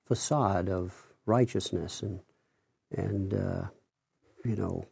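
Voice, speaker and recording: Gravelly low-voiced man, halting speech. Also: steady tone, a little mellow. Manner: halting, many "uh" fillers. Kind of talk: conversational discussion.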